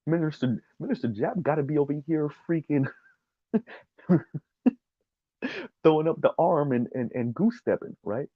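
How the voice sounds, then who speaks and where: A man's voice: on the high side, lively intonation, normal speed, long pauses, dry recording, lo-fi sound. A man giving an emphatic, sarcastic opinion commentary, often laughing at his own points.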